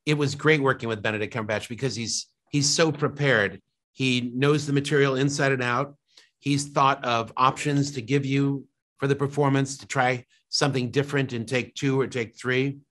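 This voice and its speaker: A male film director answers a press question in measured, considered sentences, at an ordinary middle pitch. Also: fairly even intonation, a bit bright. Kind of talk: press interview.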